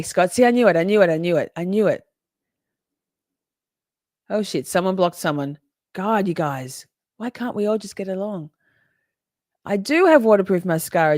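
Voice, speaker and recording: Chatty woman, low dry voice. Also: a little mellow, no echo. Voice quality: chatty, swears freely, laughs often. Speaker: livestream host reading chat. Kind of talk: casual live chat with viewers.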